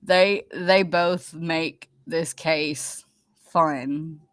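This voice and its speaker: A woman's voice: low voice, fairly even intonation, extremely slow, no room sound. A woman hosting a live stream, chatting casually with viewers in a rambling, chatty way. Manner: rambling, chatty, laughs easily.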